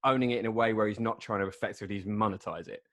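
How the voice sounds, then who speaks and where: A man's voice: lowish voice, fairly even intonation, very fast, fairly bright tone. A British man hosting a podcast, teasing his guest and introducing the next clip. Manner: playful, teasing, presenting segments. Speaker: podcast host. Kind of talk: casual podcast chat.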